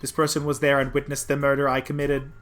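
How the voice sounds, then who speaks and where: A man reading the lines of a nervous young male bomber in a courtroom game, halting and defensive. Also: mid-range voice, monotone, fairly bright tone, soft background music, close to an everyday voice. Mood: pleading.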